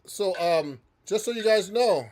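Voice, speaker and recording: Man, musician and teacher, fairly high voice, casual live-stream chat, rambling, many restarts. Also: animated, unhurried, a little mellow. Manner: chatty and loose, with frequent restarts and fillers. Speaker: professional musician and guitar teacher. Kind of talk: live-stream practice session answering chat.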